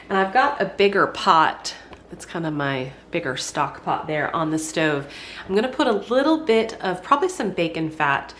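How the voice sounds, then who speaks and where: A woman's voice: on the low side, a bit bright, slight background noise. A congested woman, chatting folksily to viewers while she cooks in her home kitchen. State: congested, stuffy voice. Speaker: homesteading vlogger. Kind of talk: casual cooking demonstration.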